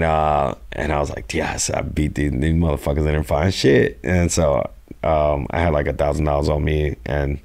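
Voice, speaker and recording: A young man from New York City telling stories as a podcast guest, profane and animated, acting out quotes. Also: rumbling low, vocal fry. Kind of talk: casual storytelling interview.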